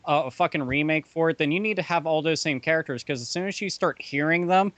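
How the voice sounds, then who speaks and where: A man's voice: a little high, quick pace, a bit bright, no room sound. Blunt, profane man in dry close sound. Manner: blunt, profane, laughing often. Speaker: podcast co-host. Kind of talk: casual podcast chat.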